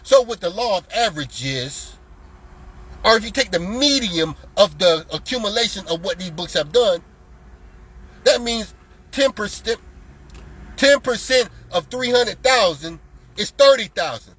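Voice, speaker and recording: A man's voice: high voice, expressive, a little slow, pauses often, fairly bright tone, slightly rough, rough recording. A man selling lottery strategies, ranting in a heated, profane way and mockingly mimicking his customers. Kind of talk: heated live-stream rant.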